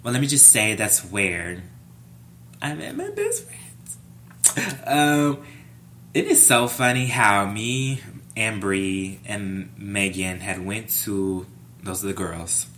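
A young adult man vlogging a casual storytime, animated and profane, playing up every scene. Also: lowish voice, slow pace, slight background noise.

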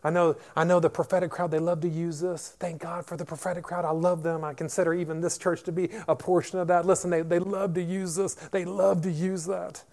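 A male pastor in full sermon, his fairly high voice climbing into loud emphatic declarations before dropping back to a quieter teaching tone. He repeats words as he builds momentum, calling out to the congregation. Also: level tone, fairly quick, creaky, hardly any pauses.

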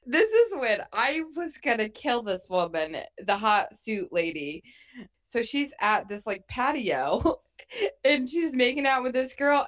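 A woman's voice: on the high side, unhurried. Woman ranting thru a movie recap, lots of swearing, voice jumps up and down a ton. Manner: animated, swears a lot, acts out her reactions. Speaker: co-host. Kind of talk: casual movie recap chat.

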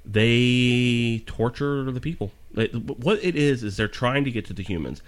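A man's voice: medium pitch, lively intonation, a little slow. A man hosting a casual podcast chat, rambling and joking as he reads aloud from his notes with stumbles. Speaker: podcast host.

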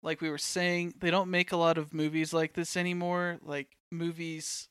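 Man, relaxed movie talk, bright smooth voice, dry close sound. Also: on the high side, normal speed, dry recording. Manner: relaxed, thoughtful, lots of filler "like". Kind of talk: casual movie discussion.

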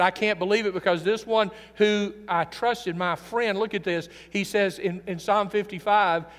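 Earnest preaching man in a reverberant hall. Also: sits high. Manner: earnest, emphatic preaching with sudden loud and soft swings. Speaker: pastor. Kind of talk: sermon. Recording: long reverb of a large hall.

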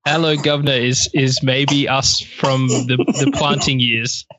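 A man's voice: mid-range voice, little pitch movement, a bit bright, faint music behind. A man with an Australian accent, joking around as a guest in a casual podcast chat. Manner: joking, quick banter.

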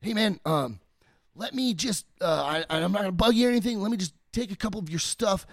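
A man's voice: high voice, dry recording, studio quality. A man doing an eager, pleading young job-seeker. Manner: excited, pleading, fast.

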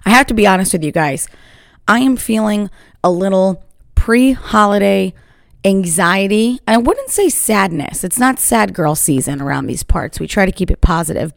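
A woman's voice: mid-range voice, creaky, no room sound. A woman hosting her own podcast, talking from a chair at home in a chatty, upbeat and rambling way. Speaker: podcast host. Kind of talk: casual solo podcast monologue. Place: at home in a chair by a sunny window.

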